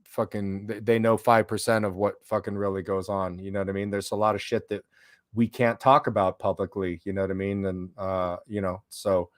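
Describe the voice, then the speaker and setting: A man's voice: lowish voice, little pitch movement, fairly quick, no echo, clean studio sound. Wired, swearing livestream host man. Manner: profane, rambling, jumpy. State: over-caffeinated. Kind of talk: casual live stream chat.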